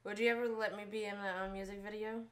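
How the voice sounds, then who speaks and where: A woman's voice: mid-range voice, level tone, quick pace, distant mic, heavy background noise. A woman co-hosting a reaction video, chatting in a laid-back way. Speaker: reaction channel co-host. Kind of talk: casual reaction chat.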